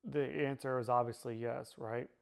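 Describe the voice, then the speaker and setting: A man tells his own story in steady, even tones with little rise or fall. His speech is halting, with restarts, repeated phrases and frequent fillers as he works through what happened, and it sounds like a personal testimony. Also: mid-range voice, creaky.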